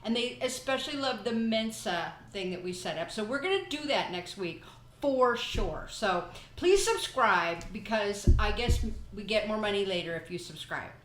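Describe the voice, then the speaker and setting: A woman's voice: mid-range voice, animated, normal speed, fairly bright tone, reverberant, a little hiss or hum, rough recording. A woman hosting a podcast, talking in a chatty, rambling way and telling stories casually. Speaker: podcast host. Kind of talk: casual chat.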